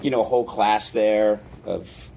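A man's voice: fairly low pitch, unhurried, gravelly, warm tone, slight background noise, rough recording. A man telling stories in casual conversation, rambling with many fillers. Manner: rambling, filler-heavy storytelling. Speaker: comedy writer and guest.

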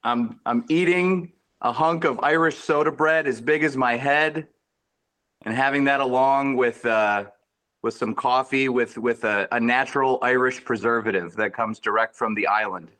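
Guy riffing on a podcast, jokey, keeps restarting sentences, mid-pitch ordinary voice. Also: moderate pace, a bit bright. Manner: jokey, rambling, frequent restarts. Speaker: comedian guest. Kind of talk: casual comedic chat.

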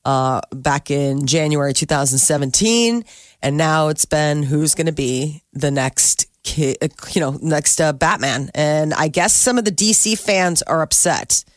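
A woman's voice: sits low, measured pace, no echo, studio quality. A middle-aged woman co-hosting a podcast, breezily chatting through celebrity news and laughing easily. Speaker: podcast co-host. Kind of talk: casual chat, reading celebrity news.

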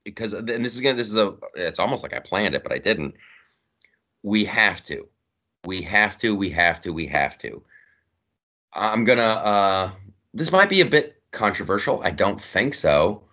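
A man co-hosting a podcast in casual political chat, emphatic and animated, often repeating himself for stress. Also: fairly low pitch, moderate pace, highs cut off. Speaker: podcast co-host.

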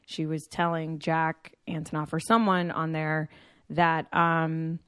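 A woman's voice: sits low, level tone, slow, fairly bright tone, smooth, no room sound, clean studio sound. A woman co-hosting a podcast, musing in casual chat and hedging her points with "like" and "um". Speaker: podcast co-host.

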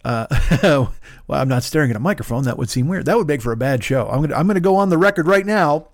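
A man's voice: a little high, expressive, fast. A man hosting a solo comedy podcast from his desk, rambling and interrupting himself with sarcastic asides. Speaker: podcast host. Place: at a desk in a home studio. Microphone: studio microphone.

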